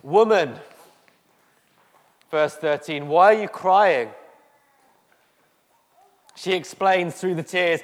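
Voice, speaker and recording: A man preaching a sermon to a congregation, slow and emotive, with dramatic pauses. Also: high voice, animated. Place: church hall. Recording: echoey hall.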